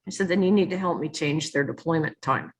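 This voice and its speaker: A woman's voice: low voice, a little fast. An older woman, a retired army nurse general, telling candid stories in a virtual talk over a video call, acting out the exchanges she quotes. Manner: lively, frank storyteller acting out quoted exchanges.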